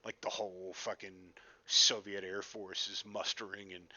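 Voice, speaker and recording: Casual male storyteller, self-deprecating and profane, tense bright tone, muffled recording. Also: deep voice, level tone, moderate pace, no room sound. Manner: self-deprecating, rambling, swears freely. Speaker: flight sim gamer recounting a session. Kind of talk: casual storytelling over gameplay.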